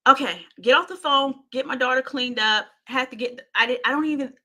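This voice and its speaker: A woman's voice: high voice, a little fast, sharp tone. A woman hosting her own show, telling a painful personal story with intensity, often repeating herself and speaking straight to her listeners. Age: adult parent.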